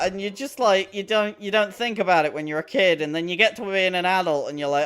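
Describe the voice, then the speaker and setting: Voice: mid-range voice, brisk, hardly any pauses, a bit bright, clear, resonant tone. A streamer chatting casually while playing a video game, rambling and laughing often. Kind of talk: casual live-stream chat. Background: faint in-game music.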